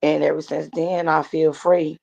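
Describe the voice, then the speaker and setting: Gravelly low woman with a flat voice. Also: normal speed, muffled recording. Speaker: guest. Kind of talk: personal testimony in conversation.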